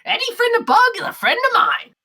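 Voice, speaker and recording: A woman's voice: very high voice, very animated, brisk, creaky, a crowd in the background, pitched above the performer's own voice, exaggerated voice. A woman voicing an eager, friendly male kobold bartender in a tabletop game. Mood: chirpy.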